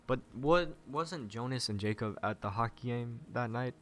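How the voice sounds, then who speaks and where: A man's voice: mid-range voice, lively intonation, moderate pace, hardly any pauses, fairly bright tone. A man casually playing through a story game, reading the dialogue aloud and swearing at his own slips. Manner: voices the player's lines with rising anger.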